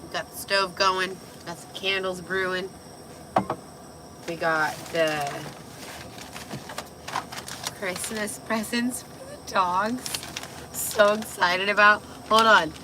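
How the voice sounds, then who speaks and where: A young woman with a raspy voice, tipsy and chatting casually on a livestream, loose, giggly and swearing. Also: medium pitch, steady tone, takes it slowly, long pauses, noisy background. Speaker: vlogger.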